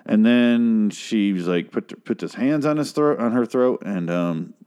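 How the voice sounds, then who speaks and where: A man's voice: lowish voice, unhurried, darkish tone, clear, resonant tone. Profane, rambling male podcast host. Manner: profane, rambling, with frequent fillers. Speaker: podcast host reviewing a TV series. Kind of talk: casual rambling review.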